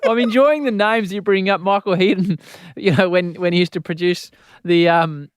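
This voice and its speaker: An Australian man hosting a casual podcast interview, chatty and quick to laugh. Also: high voice, smooth, dry recording, clean studio sound. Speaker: podcast host.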